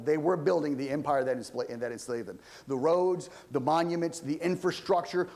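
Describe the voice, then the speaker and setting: A man preaching a sermon as pastor, in a conversational way with many asides, swinging between loud emphatic stretches and low quiet ones.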